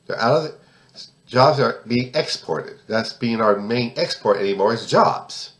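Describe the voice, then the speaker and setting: This American man, around sixty, has a medium-pitched, slightly bright voice and talks a little slowly in a reverberant space. Speaking alone to camera, he offers indignant, emphatic political commentary, frequently restarting sentences and repeating himself.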